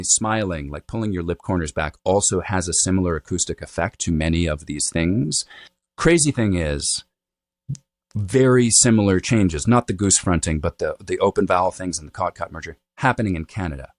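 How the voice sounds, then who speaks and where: A man speaking as a dialect coach guest on a podcast, explaining in an animated, lecturing way and often checking in with "right?" and "you know". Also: sits low, dry recording.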